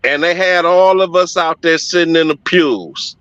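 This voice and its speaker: Middle-aged man guest, forceful slightly high voice, emphatic cursing storyteller, dull dry lo-fi sound. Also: normal speed, clean tone, no echo. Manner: emphatic, profane, heartfelt retelling. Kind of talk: casual storytelling in conversation.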